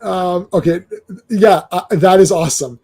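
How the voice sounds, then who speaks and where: A man hosting a casual comic book discussion, animated, with stammering restarts and acted-out quotes. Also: sits high, measured pace, husky. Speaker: comic book show host.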